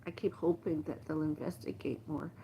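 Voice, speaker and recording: Middle-aged woman host, low gravelly voice, rambling emotional phone livestream. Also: steady tone, dark tone, slight background noise. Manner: halting, emotional, repetitive lists. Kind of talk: rambling personal monologue.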